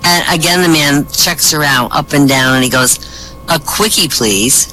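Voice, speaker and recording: A man's voice: on the high side, steady tone, moderate pace, sharp tone, slight background noise, rough recording. A man telling a run of comedy jokes at an online comedy show, acting out each character's lines as he goes. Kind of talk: stand-up joke telling in a voice chat room.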